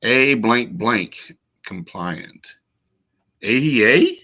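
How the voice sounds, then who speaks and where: A man's voice: medium pitch, animated, sharp tone, husky. A middle-aged man hosting a casual chat while solving a crossword, joking and musing. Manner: joking, slow and musing, breaks into silly voices. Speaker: podcast host.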